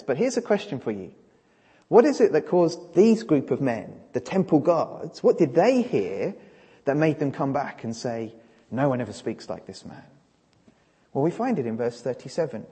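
Animated preacher in a reverberant hall. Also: male voice, fairly high pitch, slightly rough. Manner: emphatic, rising and falling delivery. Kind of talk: sermon.

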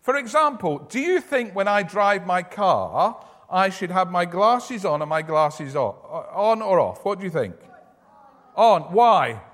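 A man giving a lively children's talk in church, asking the children questions as he goes. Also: high-pitched, measured pace. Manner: animated, asks children questions. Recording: echoey church hall.

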